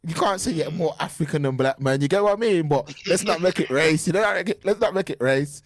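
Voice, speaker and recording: A man chats about sports on a podcast over a remote call. His voice sits a little high and the sound is dry. He talks in an animated way, often restarting his sentences. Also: brisk, no echo. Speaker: podcast co-host. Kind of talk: casual sports chat. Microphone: remote call mic.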